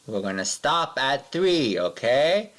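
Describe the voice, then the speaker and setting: A man teaching a math lesson to young children, patient and sing-song, counting along slowly with his pupils. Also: medium pitch, sing-song, fairly bright tone.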